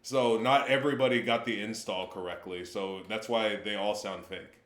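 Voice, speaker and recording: Deadpan rambling man in an echoey room. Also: on the low side, moderate pace. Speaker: wrestler co-hosting a livestream. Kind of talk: casual livestream chat.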